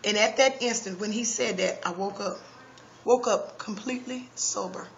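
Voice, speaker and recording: A woman's voice: medium pitch, moderate pace, vocal fry, dull audio, slight background noise. A woman giving a personal testimony, earnest and emphatic, often restarting her sentences.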